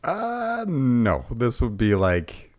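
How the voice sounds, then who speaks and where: A man's voice: mid-range voice, wildly swooping pitch, very slow, a little mellow. A man co-hosting a casual podcast, offhand and hesitant, with trailing sentences. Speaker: podcast co-host. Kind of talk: casual chat.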